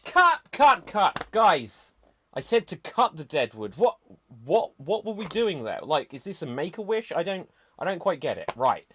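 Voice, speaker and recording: A man's voice: fairly high pitch, sing-song, normal speed, a little hiss or hum. A man playing an exasperated director in an improv comedy show, bossy and dramatic as he stops and restarts scenes. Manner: exasperated, bossy director, calls "cut" and "action".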